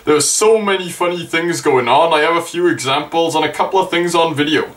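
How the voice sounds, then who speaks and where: A young man from Wales, excitedly telling a story to camera and swearing freely. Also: a little high, fairly quick. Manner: excitable, sweary, gushing fan. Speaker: vlogger.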